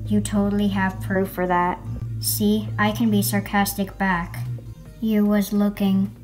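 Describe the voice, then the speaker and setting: A woman's voice: mid-range voice, level tone, a little slow, a little mellow. A young woman reading out hate comments and answering them in a sarcastic, mock-offended way. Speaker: LPS video creator reading hate comments. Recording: faint music behind.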